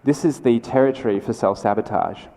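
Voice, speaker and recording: A man delivers a conference keynote in a chatty, energetic way, with quick asides and restarts. His voice sits at a middle pitch. The sound carries the long reverb of a large lecture hall. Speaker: keynote speaker.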